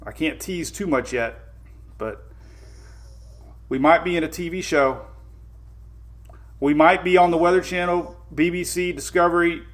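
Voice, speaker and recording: A man's voice: fairly high pitch, unhurried, pauses often. A man with a Southern US accent hosting a casual weather live stream, rambling and greeting viewers by name. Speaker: weather show host.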